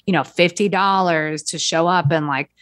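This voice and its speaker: A woman comedian in her thirties talks in a loose, rambling, self-deprecating way, swearing freely as she goes. Her voice sits on the lower side and is recorded dry and close, with no room sound. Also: normal speed, a bit bright, no room sound. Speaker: comedian, guest. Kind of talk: casual chat.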